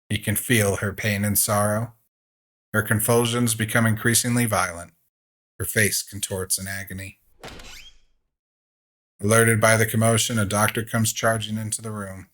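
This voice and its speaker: A man hosting a gaming channel, reading the game's story text aloud in a slow, measured way. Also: lowish voice, little pitch movement, fairly bright tone.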